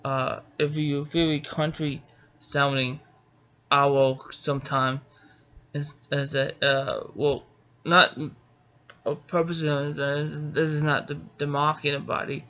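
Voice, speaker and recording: A man's voice: fairly high pitch, little pitch movement, slow, sharp tone. A middle-aged man from Georgia, a martial arts author, talking casually about himself with many stammers and restarts. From Georgia, United States. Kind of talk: casual self-introduction.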